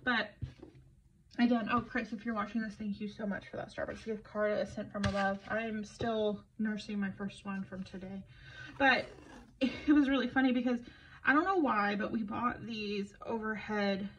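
A woman's voice: mid-range voice, moderate pace, slight background noise. A tired middle-aged woman, chatting casually while planning, rambling and poking fun at herself. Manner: rambling, self-deprecating storyteller. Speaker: planner vlogger. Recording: slightly dull lo-fi audio.

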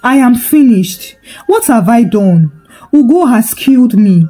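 A woman's voice: a little high, expressive, a little slow, mellow, slightly rough, soft background music. A woman voicing a panicked young man who cries out in anguish over a curse. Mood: despairing. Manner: anguished, crying out. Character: panicked young man, regretful rebellious son.

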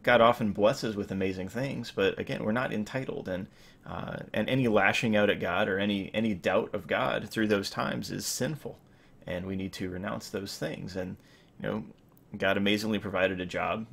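A man's voice: lowish voice, steady tone, moderate pace, creaky, fairly bright tone. A man in his thirties giving an informal sermon as pastor, rambling with many fillers and restarts.

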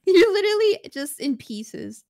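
A woman's voice: very high-pitched, very animated, normal speed, gravelly, darkish tone, no room sound, clean studio sound. A woman playing a video game with a friend on a stream, teasing him in casual chat. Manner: teasing, giggly. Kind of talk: casual chat while gaming.

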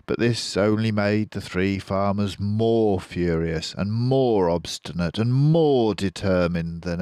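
An older British man reading a children's book aloud in a slow, expressive storytelling manner. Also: low-pitched, no room sound, studio quality.

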